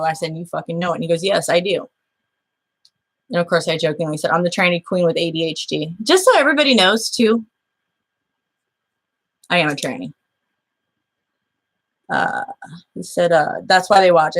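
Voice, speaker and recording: A woman hosting her own show, recounting a dispute by reading old messages aloud, blunt, aggrieved and swearing freely. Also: lowish voice. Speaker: show host.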